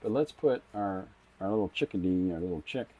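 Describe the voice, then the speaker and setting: Middle-aged male comic artist, deep relaxed voice, casual rambling live-stream chatter. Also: a little fast, a little hiss or hum. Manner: rambling, thinks aloud with frequent restarts. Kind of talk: casual live-stream chat while drawing.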